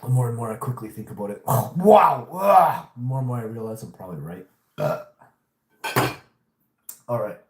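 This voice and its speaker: A man's voice: lowish voice, a little fast, long pauses, roomy sound. Profane rambling man vlogging. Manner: profane, rambling, animated storytelling. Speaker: host. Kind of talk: casual rambling vlog chat.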